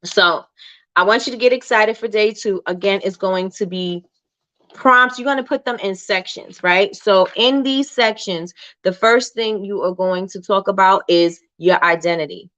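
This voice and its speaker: A woman's voice: mid-range voice, normal speed, fairly bright tone, no echo. A woman hosting a casual motivational livestream, chatty and encouraging, often asking "right?" and reading out viewer comments. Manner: reads viewer comments aloud. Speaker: livestream host.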